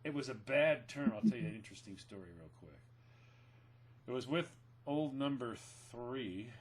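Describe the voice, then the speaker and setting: A middle-aged man co-hosts a casual podcast chat, telling stories in a joking way and laughing often. His voice is medium in pitch and animated, at a moderate pace, with a little hiss or hum in the background.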